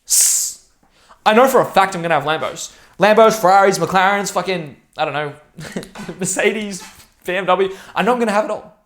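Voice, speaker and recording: A man's voice: high-pitched, normal speed, fairly bright tone. A young man talking straight to camera in a rambling, profane, intense and emphatic monologue. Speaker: vlogger.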